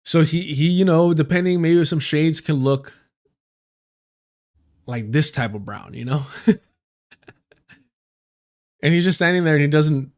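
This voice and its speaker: A man's voice: a little high, a little slow, long pauses. A man hosting a live stream, telling a story in a casual, joking way with a lot of slang and swearing.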